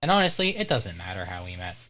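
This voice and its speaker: An American woman chatting casually while streaming a game, animated and quick to swear. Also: very deep voice.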